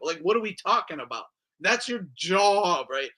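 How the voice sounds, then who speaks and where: A man talks on a casual podcast, slipping into quoted voices and cursing freely. His voice is bright and a little high, and it jumps widely in pitch as he gets worked up. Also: moderate pace. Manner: animated, swears a lot, acts out quoted voices. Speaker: podcast co-host.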